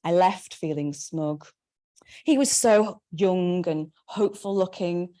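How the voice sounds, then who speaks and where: A woman, reading her memoir aloud in a wry, measured way. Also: fairly low pitch, dark tone. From Manchester, England. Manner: wry, measured first-person narration. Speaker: memoir author.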